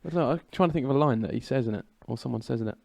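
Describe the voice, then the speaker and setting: A man's voice: mid-range voice, very fast, vocal fry, a little mellow. A young man co-hosting a movie podcast, laid-back in casual chat and often giving short replies. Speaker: podcast co-host.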